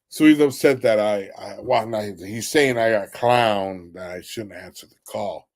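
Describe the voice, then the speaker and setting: A young man hosting a late-night live stream, worn out and ready for bed. His voice sits a little low as he trades crude, mocking jokes and reads out comments from his viewers. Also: moderate pace, darkish tone. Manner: crude, mocking trash talk, often laughing. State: tired. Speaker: livestream host. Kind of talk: casual livestream chat.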